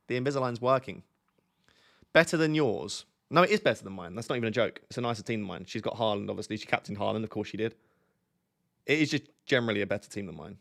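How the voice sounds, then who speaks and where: A young man with a gravelly edge hosts a relaxed live stream at his desk mic. He jokes freely and reads viewer comments aloud in a casual, chatty way. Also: lowish voice. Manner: joking, reads chat aloud. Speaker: FPL streamer.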